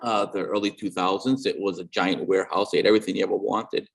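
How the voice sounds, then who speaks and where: A low-pitched man in his fifties from New England, talking as a guest artist and teacher in an easy interview. He speaks earnestly but haltingly, stopping to restart phrases and repeating words as he goes. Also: steady tone, creaky, husky. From New England, USA. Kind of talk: casual interview chat.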